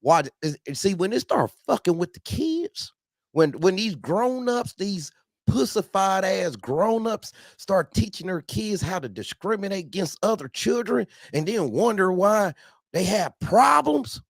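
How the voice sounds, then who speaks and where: A man's voice: sits high, lively intonation, measured pace, no echo, studio quality. A man ranting angrily on a talk show, swearing constantly and repeating himself as he gets heated. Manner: angry, swearing, repetitive outbursts. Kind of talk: heated profane rant.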